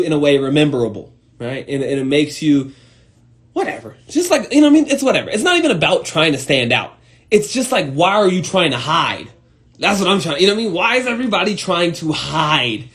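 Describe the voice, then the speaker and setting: A man hosting a casual live talk to his viewers, swearing freely and speaking with emphatic, direct energy. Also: fairly high pitch. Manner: profane, animated, emphatic, talks to viewers directly. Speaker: host of an Instagram live talk. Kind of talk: casual motivational rant. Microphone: phone.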